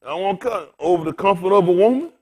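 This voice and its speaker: A man's voice: high-pitched, fast, slightly rough. A man preaching as pastor, telling jokes and talking straight to the congregation, bald and getting older. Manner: animated, joking with the congregation. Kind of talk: humorous conversational sermon.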